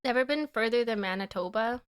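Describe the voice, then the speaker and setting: A woman's voice: on the high side, brisk, smooth. A young woman from Saskatchewan chatting casually on a live stream, giggling often and swearing lightly as she reads chat. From Saskatchewan, Canada.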